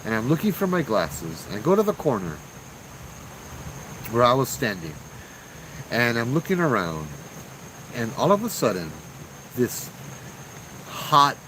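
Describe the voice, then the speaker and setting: A man telling his own ghost story in a casual, slangy, animated way, acting out what people said. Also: medium pitch, slow pace, pauses often, slight background noise, poor audio.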